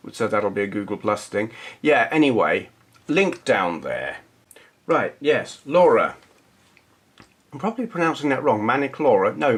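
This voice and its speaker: A man's voice: mid-range voice, a bit bright. A man in his thirties with a southern English accent, chatting to camera in a rambling, self-correcting way about his hobbies. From southern England. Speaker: retro gaming vlogger. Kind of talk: casual talk to camera.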